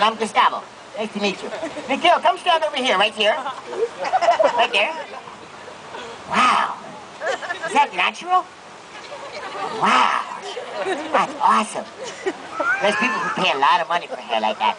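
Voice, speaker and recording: A man working a street show crowd, with sarcastic, self-mocking comedy banter. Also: very high-pitched. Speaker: street performer. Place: outdoor street festival crowd. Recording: noisy outdoor crowd recording. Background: crowd and children.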